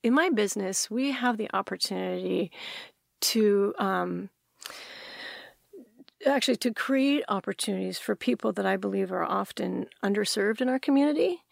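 A woman who founded a restaurant company, telling animated stories in an interview, acting out quotes and restarting sentences. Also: medium pitch, normal speed, creaky, no room sound, clean studio sound. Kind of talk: conversational storytelling interview.

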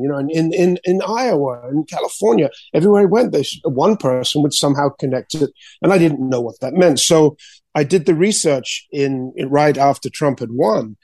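A man, an artist and author, telling his story as an interview guest, excitedly repeating words and acting out quotes. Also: a little high, normal speed, no room sound.

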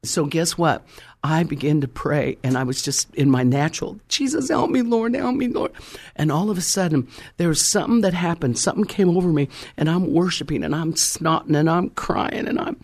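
A man's voice: on the high side, brisk. A man preaching a fervent sermon, emphatic and calling out to his congregation.

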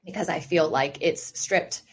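A woman's voice: deep voice, a little slow, breathy edge. A woman podcast host in casual interview chat, reflecting on faith and laughing easily.

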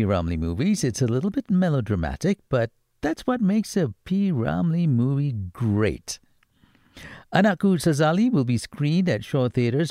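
A man's voice: mid-range voice, warm tone, dry recording, studio quality. A man presenting film picks on the radio, playful and given to jokey asides. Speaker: radio movie reviewer. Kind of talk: radio film recommendations segment.

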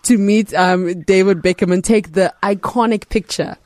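A woman hosting an interview, chatty and quick to laugh. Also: mid-range voice, no echo. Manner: warm, giggly interviewer who laughs often. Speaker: host. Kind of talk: casual interview chat.

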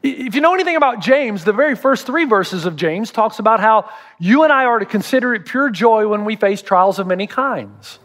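Lively, high-pitched male pastor preaching. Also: brisk. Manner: animated and humorous, acting out quoted voices. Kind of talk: sermon.

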